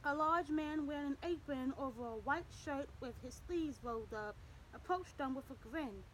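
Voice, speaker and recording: A woman narrating an audiobook in a steady, measured reading. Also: high voice, a little hiss or hum, poor audio.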